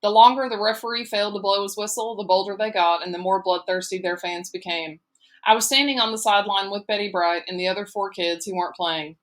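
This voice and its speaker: Female audiobook narrator, measured storytelling delivery, mid pitch. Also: fairly even intonation.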